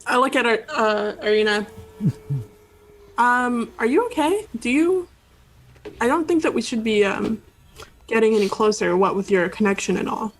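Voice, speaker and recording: A woman playing a tabletop game, speaking hesitantly with frequent pauses. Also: on the high side, lively intonation. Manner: hesitant, with many ums. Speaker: player. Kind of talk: casual play at a tabletop game.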